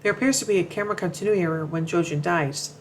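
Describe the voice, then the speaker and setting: Commentary narrator, reads from notes, trips over words and restarts, middling pitch, faint background noise. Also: racing, poor audio. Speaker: show commentator.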